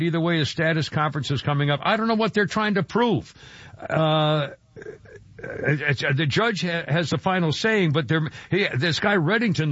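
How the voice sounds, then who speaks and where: A man's voice: on the high side, fairly bright tone, dry recording. Rambling older male radio host. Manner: rambling, chuckling, full of restarts. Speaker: radio talk show host. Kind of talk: casual talk radio chat. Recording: dull lo-fi radio broadcast, dry.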